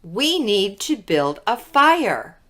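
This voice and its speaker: A woman voicing a patient farm mother in a children's storybook, speaking calmly. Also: mid-range voice, slow pace.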